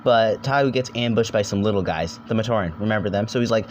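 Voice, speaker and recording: A man's voice: lowish voice, a little hiss or hum. A young man narrating a casual comedic video essay, rambling and joking, swearing now and then. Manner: rambling, jokey, swears, quick silly voices.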